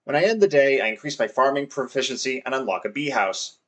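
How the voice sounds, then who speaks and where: A man's voice: mid-range voice, lively intonation, quick pace, fairly bright tone. A man narrating his farming game playthrough in a wry, self-deprecating scripted style. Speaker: gameplay narrator.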